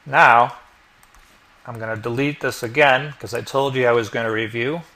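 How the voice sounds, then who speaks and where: A man narrating a software tutorial step by step as the instructor, explaining each click as he goes. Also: mid-range voice, steady tone, normal speed. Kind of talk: screen-recorded tutorial narration.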